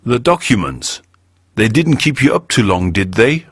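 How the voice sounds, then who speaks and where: A man voicing a polite, slightly awkward gentleman passenger in an audiobook story. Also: mid-range voice, big pitch swings, normal speed, breathy edge, no echo, clean studio sound, voice pushed up.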